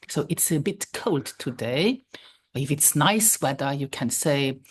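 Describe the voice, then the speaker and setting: A woman teaching a language lesson, repeating phrases slowly and checking in with the learner. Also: deep voice, lively intonation, breathy edge.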